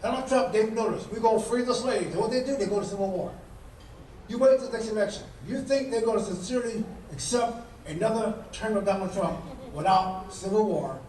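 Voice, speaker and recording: A man's voice: high voice, fairly quick, darkish tone, slight background noise. A man giving a fiery political speech at a dinner, with an emphatic, preacher-like cadence and strings of repeated rhetorical questions. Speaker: guest speaker at a political dinner. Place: banquet hall. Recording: echoey hall from far off.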